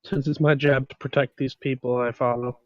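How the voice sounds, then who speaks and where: A man playing a tabletop game in a flat, slightly apologetic way. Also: medium pitch, fairly quick, no echo. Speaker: player. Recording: dull lo-fi mic.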